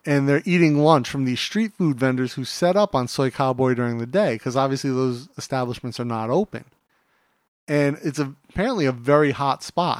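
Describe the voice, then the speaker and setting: A man co-hosts a podcast in a mid-range voice, chatting casually and spinning stories full of filler words. The recording is studio quality with no echo.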